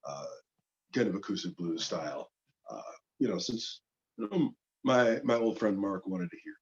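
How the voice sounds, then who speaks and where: A man, a guest guitarist on a livestream, talking casually in a relaxed, rambling way with many pauses and fillers. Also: on the low side, gravelly, lo-fi sound. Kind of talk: singing with guitar, then casual spoken intro. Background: loud guitar.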